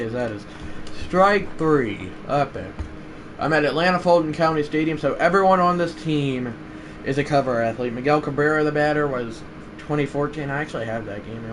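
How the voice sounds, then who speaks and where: A man live-streaming a baseball video game, chatting to viewers and breaking into loud play-by-play calls. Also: mid-range voice, background noise. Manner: rambling chat to viewers, bursting into shouted play-by-play calls. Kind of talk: live game commentary and chat.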